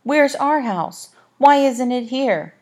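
A woman reading the part of a curious, stubborn young girl who asks eager questions and is quick to protest. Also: mid-range voice, sing-song, darkish tone, pitched above the performer's own voice. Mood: eager, questioning.

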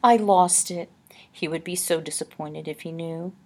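A woman reading aloud, voicing a genteel, secretive ghost lady from a painting who speaks in a soft, prim, old-fashioned way. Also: on the low side, moderate pace. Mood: wistful.

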